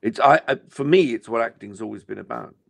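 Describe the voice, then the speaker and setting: An older English actor is interviewed in a casual chat, reflecting and rambling with many fillers. His mid-range voice is gravelly and brisk, with no room sound.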